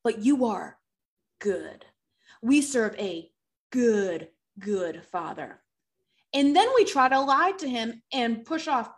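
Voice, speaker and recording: Animated woman preaching a sermon. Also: on the high side, takes it slowly. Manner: acts out quoted excuses in lively voices.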